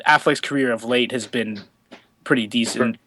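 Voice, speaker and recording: A man co-hosting a podcast in casual chat, giving measured, reasoned opinions. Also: mid-range voice, steady tone, pushed and bright. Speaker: podcast co-host.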